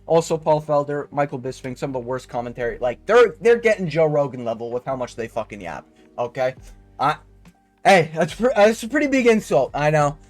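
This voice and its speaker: A young man, his voice sitting a touch high, breaks down fights in a loose, rambling way. He swears freely, leans on slang and keeps tacking "okay?" onto his points. Faint music plays underneath. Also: expressive, fairly quick. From Canada. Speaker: MMA fight analyst. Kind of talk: casual fight breakdown commentary.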